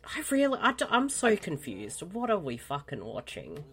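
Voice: medium pitch, wildly swooping pitch, moderate pace, gravelly. A podcast co-host making bemused, confused asides while watching a movie. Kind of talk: casual movie commentary chat.

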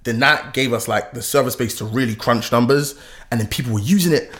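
A young man telling his founder story in a casual interview, animated and laughing often. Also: a little fast. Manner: animated, laughs often, lively pitch swings.

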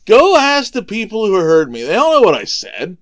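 A man voicing a calm, blunt male teacher on trial, raising his pitch and volume a little and speaking in casual modern words. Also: normal speed. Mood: insistent. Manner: plain-spoken, modern casual wording.

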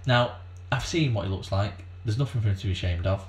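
A man's voice: on the low side, fast talker. A man co-hosting a casual comedy podcast, rambling through facts with lots of fillers and swearing. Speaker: podcast co-host.

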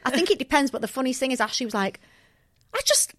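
A young woman with a high voice talks very fast while co-hosting a podcast. In casual chat she tells animated stories, acting out the quotes.

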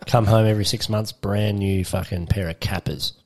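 A man's voice: on the low side, fairly even intonation, normal speed, vocal fry, darkish tone. A man co-hosting a podcast, joking playfully and swearing freely. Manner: crude, playful, jokey with swearing. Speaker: podcast co-host. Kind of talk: casual banter. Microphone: podcast microphone.

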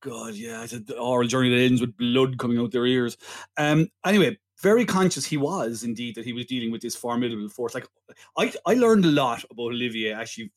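A man co-hosting a film podcast in casual chat, rambling and jokey. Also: mid-range voice. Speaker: podcast co-host.

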